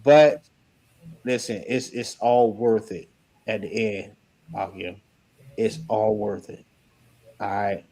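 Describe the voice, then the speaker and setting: A young man telling a story in casual chat, slangy and animated, acting out the shouts he heard. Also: on the low side, takes it slowly, long pauses. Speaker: member recounting an event.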